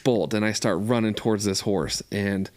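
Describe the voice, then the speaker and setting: A man with a fairly low voice shares a personal story in an easygoing, conversational way. He livens up whenever he acts out what others said. The recording is dry and close, with no room echo. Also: moderate pace. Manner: conversational, acts out quotes with lively voice shifts. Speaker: recovery show co-host.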